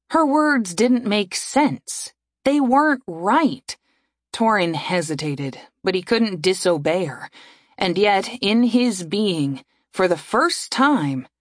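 Woman reading a story out slow, lively tone, dry close mic. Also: medium pitch, dry recording. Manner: measured, expressive reading. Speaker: audiobook narrator. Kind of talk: scripted story narration.

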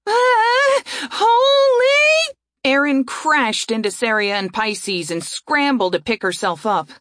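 A woman's voice: a little high, fairly bright tone, no echo, studio quality. Woman reading a fantasy audiobook. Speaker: narrator. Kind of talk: audiobook narration.

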